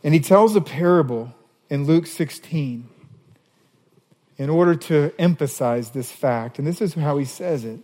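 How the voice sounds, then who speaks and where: A man preaching a sermon as a pastor, animated, reading scripture passages aloud. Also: fairly high pitch, a little slow, big-room sound.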